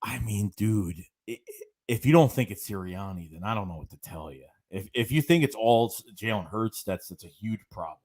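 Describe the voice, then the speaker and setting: A man's voice: lowish voice, animated, normal speed, darkish tone. Rambling man ranting on a live stream. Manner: rambling, repeats phrases, many fillers; reads viewer chats aloud between rants. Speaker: fan channel host. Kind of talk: live-stream sports rant.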